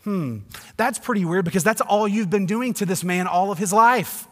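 A man's voice: high-pitched, normal speed. Emphatic male preacher in a reverberant hall. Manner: emphatic, swings between loud and hushed. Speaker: pastor. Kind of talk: sermon.

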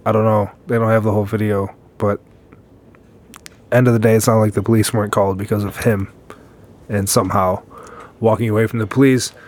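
Laid-back man, lowish voice, podcast chat. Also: flat delivery, fairly quick, long pauses, darkish tone. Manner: laid-back, frequent agreeing interjections. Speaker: podcast co-host. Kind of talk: casual chat.

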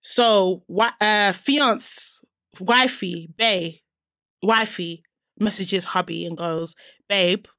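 Female co-host, chatty and animated, dry studio mic. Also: mid-range voice, very slow, no room sound. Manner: animated storyteller, voices both sides of a quoted chat. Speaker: podcast co-host. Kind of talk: casual chat, reading out a text exchange.

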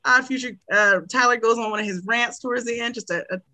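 A woman's voice: fairly high pitch, steady tone, fast talker, sharp tone. A woman talking as a podcast guest in casual chat, enthusiastic and laughing often, with frequent hesitations.

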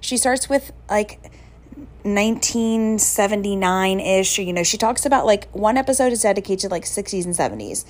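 A woman's voice: medium pitch, animated, moderate pace. A young woman hosting a casual solo podcast, chatty and gushing with lots of fillers. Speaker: podcast host.

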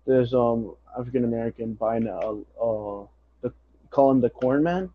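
Young man, casual podcast co-host, blunt and profane, dull low-fidelity recording. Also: normal speed. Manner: blunt, swearing, restless. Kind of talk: casual chat.

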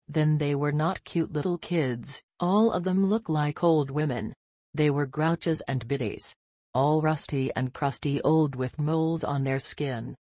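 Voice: mid-range voice, a little mellow, dry recording, studio quality. Storyteller reading a bedtime story.

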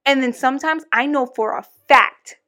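A woman's voice: high voice, moderate pace, bright, forceful tone. Blunt grouchy-toned young woman. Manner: blunt venting with casual swearing. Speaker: podcast co-host. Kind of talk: casual chat.

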